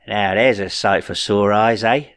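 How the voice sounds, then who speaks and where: A man's voice: fairly high pitch, huge pitch swings, a little fast, pitched above the performer's own voice. A man voicing a cheeky, optimistic man who talks in an upbeat, teasing way in a storybook reading.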